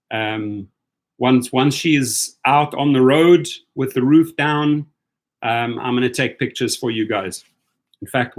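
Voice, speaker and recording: A man hosting a casual live stream for drivers, upbeat and chatty, greeting viewers by name. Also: medium pitch.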